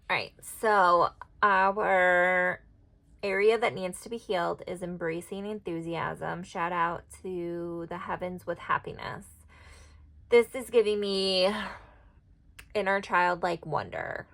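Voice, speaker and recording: A woman talks her way through an oracle card spread, rambling and thinking aloud. Her voice has a gravelly, creaky edge. The chat is loose and casual. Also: on the low side, fairly bright tone. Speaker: tarot and oracle card reader. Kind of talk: casual card-reading vlog.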